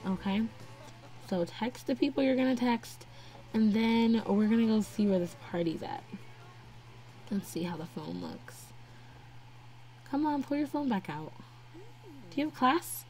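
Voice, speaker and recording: Slow, mellow-voiced woman chatting over gameplay. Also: on the high side, expressive. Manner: chatty, talks to her game characters. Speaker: gameplay narrator. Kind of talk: casual let's-play commentary. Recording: faint game music behind.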